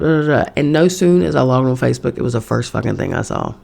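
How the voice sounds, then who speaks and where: A woman's voice: a bass voice, expressive, fast talker, gravelly, hardly any pauses, mellow. A woman hosting a podcast, talking bluntly and profanely in a casual spiritual monologue from home. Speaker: podcast host. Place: home in New York.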